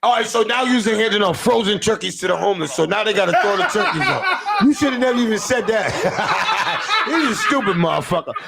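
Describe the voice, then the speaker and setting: A man hosting a show, delivering a loud, profane comic rant and often shouting. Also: high-pitched, very animated, a little fast, gravelly, a loud crowd. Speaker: show host.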